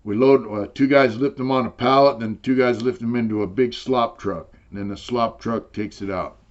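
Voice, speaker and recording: A man's voice: medium pitch, steady tone, moderate pace, highs cut off. An older man telling a long story in casual, rambling talk, swearing freely and saying "you know" again and again. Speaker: interviewee telling prison stories.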